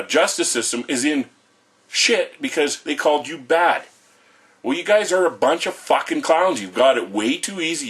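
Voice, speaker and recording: A man's voice: mid-range voice, fairly bright tone, husky. A middle-aged man, delivering an angry, profane rant to camera in a blunt, lecturing way.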